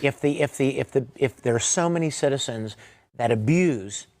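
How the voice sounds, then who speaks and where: A man speaking earnestly about freedom, halting and repeating words as he goes. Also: medium pitch, darkish tone, no echo.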